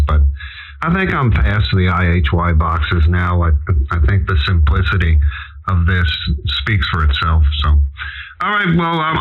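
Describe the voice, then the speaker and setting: Low-voiced man over a tinny radio link. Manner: easygoing, chatty. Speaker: amateur radio operator. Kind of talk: casual ham radio chat.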